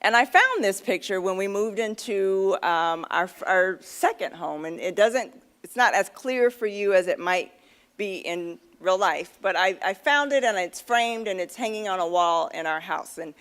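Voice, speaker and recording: Speaking into a podium mic at a convention luncheon, this middle-aged woman shares a frank personal story that pokes fun at herself. Her voice is medium-pitched and fairly bright, with lively intonation and a measured pace, and her chatty delivery is full of fillers.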